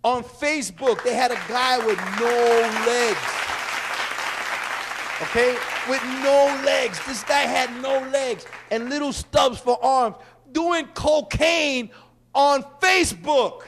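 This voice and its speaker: Brash high-voiced Puerto Rican man. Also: slow pace, a loud crowd, heavy background noise. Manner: brash, joking, loud bursts. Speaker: host. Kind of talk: stand-up style monologue.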